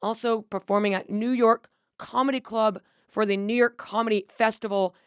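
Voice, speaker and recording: A woman's voice: fairly high pitch, fairly even intonation, moderate pace, smooth, no room sound, clean studio sound. A woman hosting a podcast, chatty and casual, who swears freely and plugs her tour dates. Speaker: podcast host.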